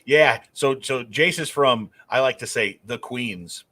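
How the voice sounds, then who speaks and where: A man joking along on a casual podcast, his voice bright and forward. The recording is dry and close, with no room sound. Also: mid-range voice, unhurried, no room sound. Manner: jokey, chimes in with comparisons. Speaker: podcast co-host.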